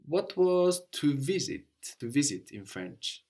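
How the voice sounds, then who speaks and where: A man's voice: mid-range voice, sing-song, unhurried, hardly any pauses, darkish tone. Guy teaching a language class, patient, goes step by step, keeps asking "no?". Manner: patient, explains step by step, often ends with "no?". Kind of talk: guided language lesson.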